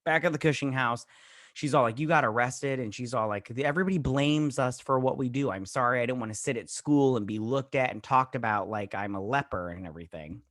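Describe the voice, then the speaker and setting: A man hosts a show and rambles through a TV episode recap at a middle pitch. He retells scenes in loose, filler-heavy speech and briefly acts out the characters' lines. The sound is dry, with no room echo. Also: a little fast, a bit bright. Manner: rambling, filler-heavy retelling full of "he's all like" quotes. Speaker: show host. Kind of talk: casual TV episode recap and review.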